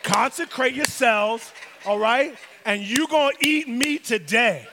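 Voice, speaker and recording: A man's voice: extremely high pitch, lively intonation, moderate pace, noisy background. A man voicing God as an exasperated, sarcastic figure scolding complainers in casual slang. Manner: street-slang, mock-fed-up. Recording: long hall reverb.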